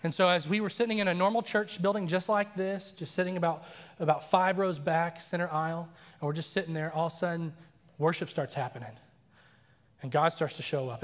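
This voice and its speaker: A man preaching a sermon as a story, animated and acting out the voices he quotes. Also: on the high side. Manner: animated, acts out quoted voices, laughs often. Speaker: pastor. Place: church sanctuary. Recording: long reverb of a large church hall.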